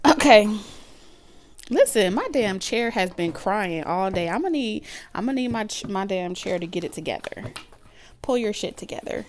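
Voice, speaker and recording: A woman hosting a live tarot reading stream, greeting viewers by name in a relaxed, chatty way with casual slang. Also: mid-range voice, moderate pace.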